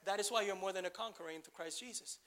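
A man's voice: high voice, quick pace, a bit bright. A man preaching a sermon, asking the congregation questions and building to emphatic bursts.

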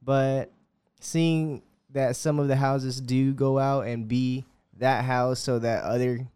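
A man's voice: mid-range voice, little pitch movement, slow pace, darkish tone, clean tone, dry recording. A man co-hosting a podcast in casual chat, easygoing and a little hesitant, with frequent ums. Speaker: podcast co-host.

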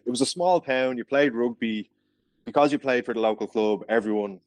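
A man's voice: mid-range voice, fairly quick, no room sound. An Irish man from Ireland, a podcast guest, telling stories in casual chat and laughing often. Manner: chatty storyteller, laughs often.

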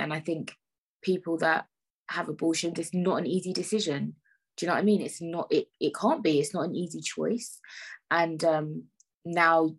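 A woman's voice: deep voice, husky. A young woman hosting a solo podcast, talking frankly and with exasperation, swearing freely and leaning on fillers like "like" and "I don't know". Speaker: podcast host.

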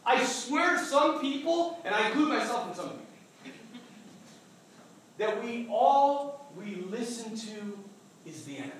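Animated, joking male pastor preaching. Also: extremely high pitch, unhurried, pauses often, a little hiss or hum. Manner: animated, joking, acts out voices. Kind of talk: sermon. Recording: echoey hall from far off.

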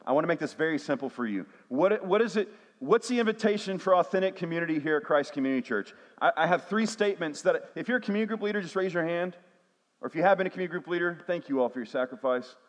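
A man, a pastor preaching a sermon with call-and-response refrains. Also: on the high side. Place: church sanctuary. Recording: long hall reverb.

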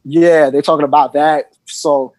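A man's voice: a little high, fairly even intonation, a little slow, darkish tone, no echo. A man with a New York accent, a DJ chatting casually on a podcast, rambling with lots of ums. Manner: rambling, many ums and you-knows. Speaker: guest DJ.

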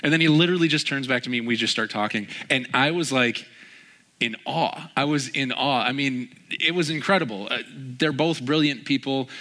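A man's voice: medium pitch, moderate pace, pushed and bright. Chatty storytelling pastor, a man. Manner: storytelling, chatty with frequent fillers. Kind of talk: conversational sermon.

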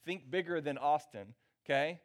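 A man's voice: a little high, moderate pace. A man preaching a sermon as pastor, talking casually and checking in with the congregation. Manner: conversational, checks in with the crowd. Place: church gathering.

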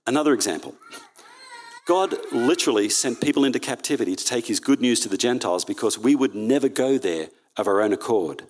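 A man's voice: medium pitch, animated, a little fast. A man preaching a sermon in church, reading Bible passages aloud and correcting himself as he goes. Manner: earnest, reads Bible passages aloud, frequent self-corrections.

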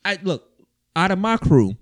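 A man's voice: high voice, sing-song, a little slow. A man co-hosting a casual group chat, rambling and repeating his words as he makes his point. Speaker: podcast co-host.

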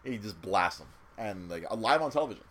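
A man's voice: on the low side, animated, fairly quick, fairly bright tone. A man in casual chat recapping a movie, swearing freely and acting out quotes in silly voices.

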